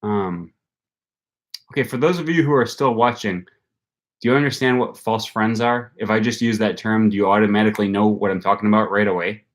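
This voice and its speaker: A young Wisconsin man with the local accent chats casually with livestream viewers as host of a language-learning channel. His voice is on the low side and fairly quick, and he thinks aloud with lots of ums and likes.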